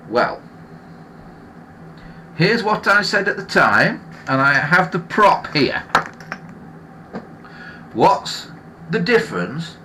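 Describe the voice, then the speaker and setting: A man's voice: medium pitch, pushed and bright, slight background noise. A man hosting a live stream, ranting in an opinionated, grumbling way and often restarting his sentences. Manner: rambling with frequent restarts. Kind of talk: casual live-stream chat.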